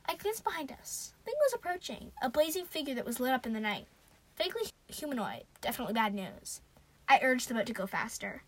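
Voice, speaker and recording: A woman's voice: sits high, sing-song, fast. A woman reading passages of a novel aloud, with chatty asides between them. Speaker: reader.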